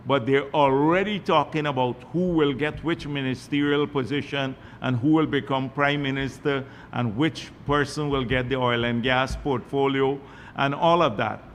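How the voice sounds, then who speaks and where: A man's voice: medium pitch, fairly even intonation, normal speed, in a large hall, slight background noise. A man with a Guyanese accent speaking as a party general secretary at a press conference, scornful and mocking toward his opponents.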